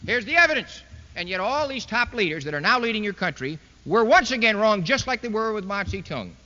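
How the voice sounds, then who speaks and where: A man's voice: high voice, big pitch swings, brisk, sharp tone. Sarcastic male orator, echoey hall. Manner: sarcastic, emphatic, mocking. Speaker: political speaker addressing a university audience. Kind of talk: public lecture speech. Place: large university hall. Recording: dull lo-fi 1960s archival recording in an echoey hall.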